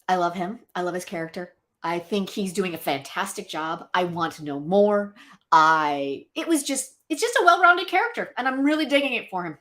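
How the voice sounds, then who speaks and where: Bright, chatty woman talking shows. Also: fairly low pitch. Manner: chatty, animated, talks to viewers directly. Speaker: podcast co-host. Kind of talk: casual livestream chat.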